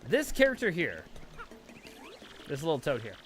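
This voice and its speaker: A man's voice: on the high side, huge pitch swings, moderate pace. A man streaming a game, giving casual gameplay commentary in a chatty, rambling way and talking to his chat.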